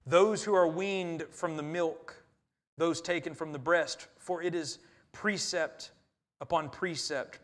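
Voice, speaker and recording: A man preaching a sermon in a church, earnest and emphatic, swinging between loud and quiet. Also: on the high side. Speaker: pastor. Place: church sanctuary.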